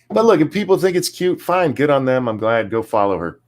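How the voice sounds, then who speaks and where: A man's voice: medium pitch, sing-song, fairly quick, hardly any pauses. A man hosting a commentary show, ranting sarcastically with frequent swearing and stammered restarts. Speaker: commentary channel host.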